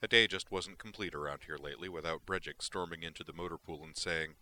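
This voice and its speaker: A man narrating science fiction in a steady, even reading voice. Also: deep voice, fast, few pauses. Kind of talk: audiobook reading of sci-fi fiction.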